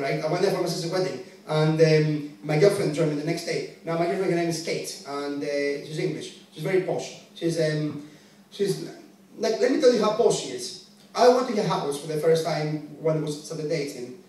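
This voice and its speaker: A man in his late twenties doing a stand-up set from a club stage, with brash, profane, animated storytelling. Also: a little high. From Greek family. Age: late 20s. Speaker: stand-up comedian. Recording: echoey venue heard from a distance. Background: audience laughter.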